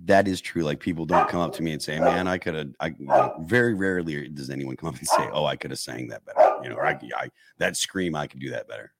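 A man's voice: rumbling low, fast talker, gravelly, hardly any pauses, very noisy. A man in his forties, a musician guest in a casual podcast chat, laid-back, joking and profane.

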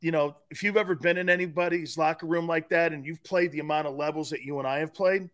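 A man's voice: on the high side, fast talker. A middle-aged man co-hosting a sports talk show, telling stories in a loose, profane way and often breaking into laughter. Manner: profane, laughing, animated retelling. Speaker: sports radio co-host. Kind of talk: casual storytelling chat.

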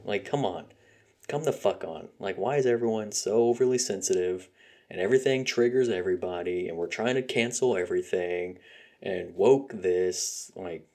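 A man's voice: fairly low pitch, a little mellow. A man hosting a solo podcast, ranting heatedly with constant swearing, fillers and sarcastic laughs. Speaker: podcast host.

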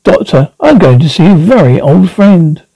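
A man voicing a calm, curious traveller who asks brisk, reassuring questions. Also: fairly high pitch, vocal fry, no echo, heavily acted, poor audio.

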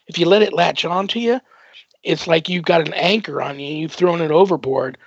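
A man's voice: on the high side, normal speed, vocal fry, breathy edge, dry recording. A man hosting a radio talk show, chatting casually and rambling with many fillers. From United States. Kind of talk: casual radio interview chat. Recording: dull dry lo-fi broadcast audio.

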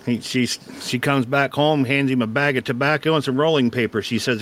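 Brief: male co-host, mid-pitched, dry deadpan joke delivery. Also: brisk, a little hiss or hum. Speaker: podcast co-host. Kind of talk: casual chat, joke telling.

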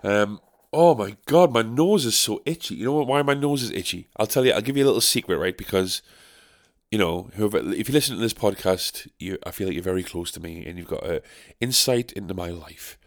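A young man talks through a casual solo podcast episode. His voice sits fairly low, and he rambles in a sarcastic, offhand way, swearing freely as he goes. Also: expressive, a little fast, dry recording, studio quality. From North East England. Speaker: podcast host.

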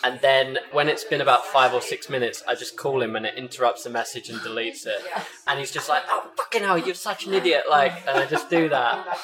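A man in his thirties chatting casually as a business partner, animated and mimicking others as he tells stories. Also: medium pitch, fairly quick, heavy background noise. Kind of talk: casual chat. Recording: loud crowd chatter behind.

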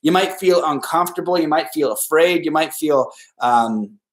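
A man's voice: a little high, moderate pace. A man hosting a solo podcast, giving casual, rambling advice and acting out the people he quotes. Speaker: podcast host.

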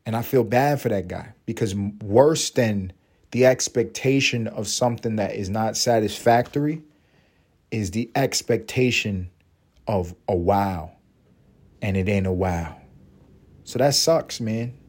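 A man's voice: lowish voice, a little slow, a little mellow. A man of Puerto Rican background doing a crude, rambling comedy podcast monologue, slipping into mocking voices and laughing. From Puerto Rico. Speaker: podcast host.

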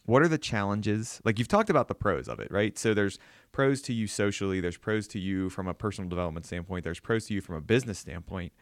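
A man's voice: lowish voice, fast, no room sound, clean studio sound. A man with a southwestern Pennsylvania accent, hosting a podcast interview in a loose, chatty way with many fillers. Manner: loose, filler-heavy questioning. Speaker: podcast host. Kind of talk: conversational interview.

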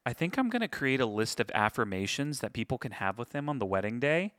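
Bright-voiced chatty man co-host. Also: mid-range voice, sing-song, quick pace, no room sound, studio quality. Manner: chatty, storytelling, says "dude". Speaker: podcast co-host, wedding photographer. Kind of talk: casual chat.

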